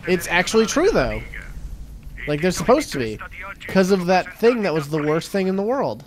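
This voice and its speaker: Higher-voiced joking man, gaming banter. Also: big pitch swings, normal speed, crowd noise. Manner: jokey, riffing on trivia tangents. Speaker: let's play co-host. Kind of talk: casual gameplay commentary.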